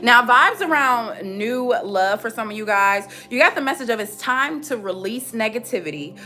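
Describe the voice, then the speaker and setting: A young tarot reader delivers a spiritual reading as a casual monologue, frank and chatty, and she tends to repeat herself once she gets going. Her animated voice runs on the high side at a moderate pace with a sharp tone, and faint music plays in the background.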